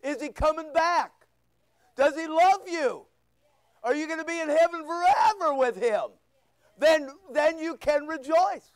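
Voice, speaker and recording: A male pastor preaching a sermon, firing rhetorical questions and sharp asides at his congregation. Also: very high-pitched, unhurried, dry recording. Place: church.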